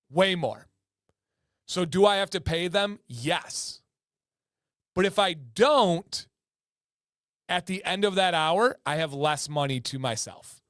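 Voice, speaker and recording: A man hosts a casual livestream chat, speaking emphatically and often repeating words for stress. His voice is a bit high for a man and a bit bright, heard close and dry with no room echo.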